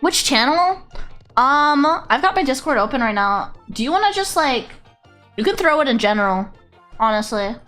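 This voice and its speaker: A woman's voice: high voice, sing-song, normal speed, a bit bright, soft background music. A woman streaming live, chatting casually with her chat in a giggly, chaotic, self-mocking way. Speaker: VTuber streamer. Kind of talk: casual livestream chat reading chat messages.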